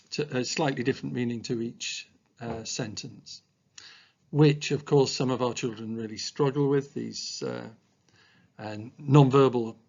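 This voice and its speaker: A man giving a measured training talk on communication at a special school, pausing often with ums and uhs. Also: medium pitch, lo-fi sound.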